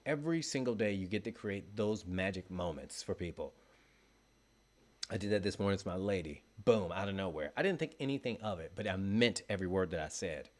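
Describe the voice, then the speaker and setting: A man's voice: low voice, animated, brisk. A man giving an earnest, encouraging motivational monologue, speaking straight to the listener as a motivational speaker.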